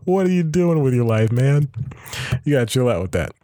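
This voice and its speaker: A man's voice: medium pitch, very animated, fairly quick, dark tone, dry recording, clean studio sound. A man hosting a podcast alone, reading an article aloud and commenting casually, chuckling often and correcting himself as he rambles. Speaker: podcast host.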